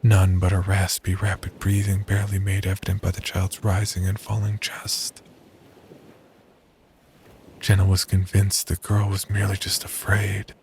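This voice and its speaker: A man narrating a horror story in a measured, scripted storytelling manner. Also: low-pitched, completely flat delivery, a little mellow, slight background noise.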